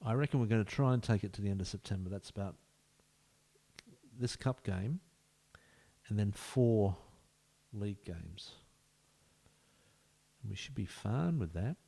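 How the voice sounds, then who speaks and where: A man's voice: fairly low pitch, expressive, unhurried, vocal fry, pauses often, dark tone. A man giving casual, jokey let's-play commentary as a gaming video host, bantering with the players in the game.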